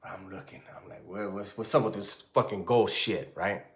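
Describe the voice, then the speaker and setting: A man's voice: sits low, normal speed. Loose-talking man in his forties telling a story. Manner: loose, profane and animated, lots of "right?" asides. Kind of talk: casual spoken storytelling.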